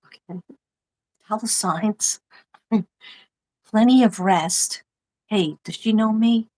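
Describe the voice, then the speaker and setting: On her livestream, this Staten Island host, a middle-aged ex-teacher with a New York accent, rambles and laughs as she reads through mail. Her medium-pitched, mellow voice moves slowly, with frequent pauses. The recording quality is low.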